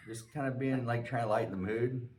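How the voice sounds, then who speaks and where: A man's voice: medium pitch, a little fast, a little mellow, distant mic. A man in his forties, a podcast host, telling a profane, self-mocking story in casual chat.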